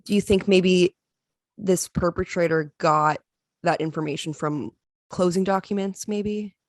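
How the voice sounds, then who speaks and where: A woman hosting a podcast asks her guest careful, measured questions. Her voice is very low for a woman. The sound is close and dry. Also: dry recording. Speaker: podcast co-host. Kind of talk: interview questions.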